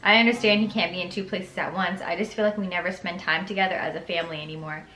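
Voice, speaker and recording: A young woman voicing a caring middle-aged mother from a story game, speaking softly and gently. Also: on the low side, fairly even intonation, quick pace, echoey room, slight background noise.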